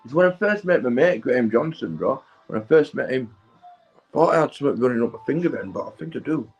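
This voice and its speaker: A man's voice: mid-range voice, lively intonation, fast talker, vocal fry, highs cut off, soft background music. Stoned guy rambling. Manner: sweary, keeps tagging "right?" and "mate". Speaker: vlogger. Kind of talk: rambling casual storytelling.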